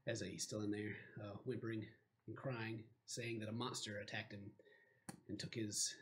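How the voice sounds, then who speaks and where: A man's voice: on the low side, flat delivery, moderate pace. A man narrating as game master of a tabletop game, rambling with lots of fillers.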